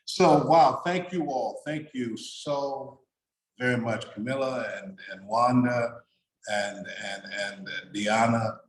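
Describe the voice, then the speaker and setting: A man's voice: medium pitch, slow, roomy sound, low-quality recording. A man hosting an online event, speaking with frequent exclamations. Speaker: event host. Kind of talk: casual hosting.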